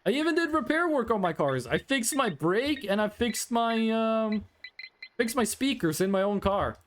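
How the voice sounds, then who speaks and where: Male streamer, high animated voice, rambling chat banter, faint background hiss. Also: normal speed. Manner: rambling, reads chat aloud, frequent ums. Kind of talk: casual live-stream chat.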